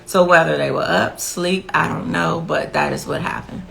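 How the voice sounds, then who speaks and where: A woman's voice: deep voice, steady tone, normal speed, gravelly, a bit bright, a little hiss or hum, rough recording. A woman, a grieving mother, giving a blunt and impassioned interview account, repeating herself for emphasis. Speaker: victim's mother telling her story.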